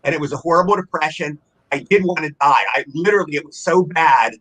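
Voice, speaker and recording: An older man, an actor, telling a long personal story in a casual interview, rambling and animated, often breaking off and restarting. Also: on the high side, fast talker, husky, low-quality recording.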